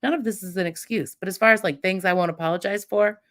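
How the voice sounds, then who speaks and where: A woman's voice: medium pitch, fast, fairly bright tone. A middle-aged woman hosting a livestream, ranting with defiant profanity and mocking imitations of her critics. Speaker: livestream host. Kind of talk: heated livestream rant.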